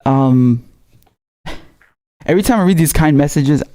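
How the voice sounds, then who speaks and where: A raspy-voiced man with a dark, mellow tone hosts a casual live stream. He talks in a loose, slangy way, stopping and restarting as he reads viewer messages aloud. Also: on the high side, unhurried. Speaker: livestream host.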